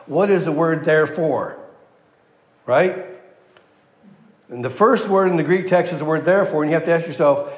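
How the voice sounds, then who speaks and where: A man preaching in a big, reverberant hall, his somewhat high voice carrying with a long echo. He teaches emphatically, repeating his key words and putting questions to the listeners. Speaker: pastor. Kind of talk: sermon.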